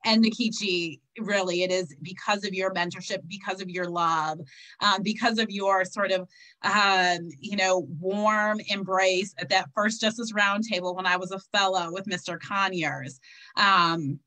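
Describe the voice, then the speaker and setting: A woman's voice: mid-range voice, fairly even intonation, a little slow, bright, forceful tone, rough recording. A woman giving an earnest tribute speech to a mentor over a video call, repeating the mentor's name for emphasis. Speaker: guest speaker.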